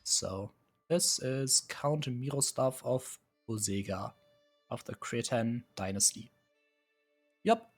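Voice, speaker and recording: A man's voice: medium pitch, animated, slow pace, soft background music. A man streaming live, casually musing and hesitating as he sets up a strategy game, chuckling often. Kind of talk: casual live gameplay commentary.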